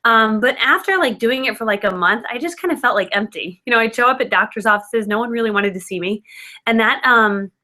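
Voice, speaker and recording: Woman, 30s, casual storyteller: bright, slightly high voice, chatty and self-deprecating. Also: a little fast. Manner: chatty, filler-heavy, self-mocking. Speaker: guest speaker.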